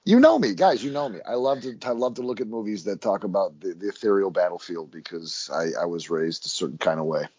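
A man co-hosting a movie podcast, talking in a profane, rambling, animated way. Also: deep voice, brisk, few pauses, slightly rough, no echo, dull audio. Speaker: podcast co-host. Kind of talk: casual movie review chat.

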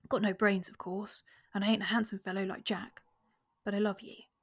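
A woman reading aloud the part of a plain-spoken, slangy young gentleman who proposes, in a soft, hushed voice. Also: medium pitch, flat delivery, normal speed, close to an everyday voice. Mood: earnest.

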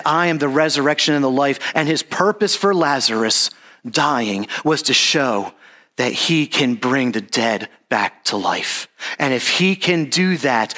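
A man's voice: mid-range voice, bright, forceful tone. A man giving a casual, conversational sermon, acting out Bible characters in an everyday modern voice. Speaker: preacher.

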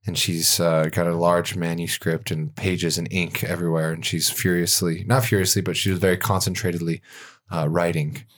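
A man's voice: sits low, flat delivery, normal speed. A man narrating as game master of a tabletop game, loose and full of fillers.

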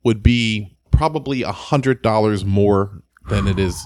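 A man co-hosting a podcast in casual chat, lively and jokey, quick to laugh. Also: lowish voice, dry recording, studio quality. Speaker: podcast co-host.

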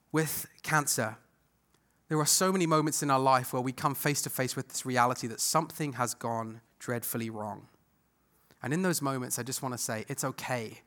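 A man preaching a sermon, earnest, moving between loud emphasis and hushed, tender passages. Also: mid-range voice. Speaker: pastor.

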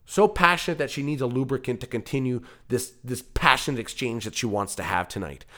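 A man's voice: medium pitch, brisk, pushed and bright. A man from Canada hosting his own comedy podcast alone, rambling through jokey digressions and interrupting himself. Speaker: podcast host and producer.

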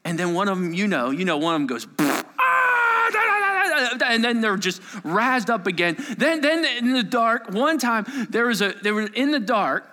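A man preaching a sermon to a live church audience, telling a story in a playful, animated way and acting out voices and sound effects. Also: high voice, moderate pace, few pauses, a little hiss or hum. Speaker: pastor. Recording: long reverb of a large hall.

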